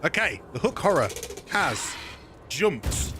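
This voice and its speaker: A man's voice: medium pitch, very animated, unhurried, a bit bright, slight background noise. A man casually commentating his gameplay as a let's play streamer, thinking aloud and correcting himself as he goes.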